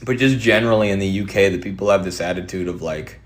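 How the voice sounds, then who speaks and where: A man streaming and answering viewer questions in a quick, offhand, opinionated way. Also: sits low.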